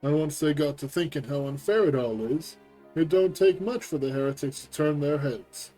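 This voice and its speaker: A man reading the lines of an easygoing low-born soldier from a game, in a folksy and chatty manner. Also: moderate pace, warm tone, faint music behind, natural voice, poor audio.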